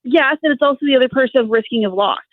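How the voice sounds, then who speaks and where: A woman's voice: high voice, fast talker, a crowd in the background. A woman calling in as a guest medium, talking earnestly in a casual podcast chat, circling and repeating herself as she explains. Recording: tinny phone line, dry.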